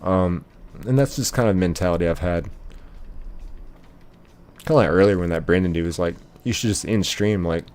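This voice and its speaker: A man with a fairly low voice hosts a casual live stream, reading out viewer messages and replying to each one. He rambles a little and leans on "like" as he talks things through. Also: normal speed, long pauses, darkish tone, clear, resonant tone. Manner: reads viewer chat aloud and answers it; rambling, many filler "like"s.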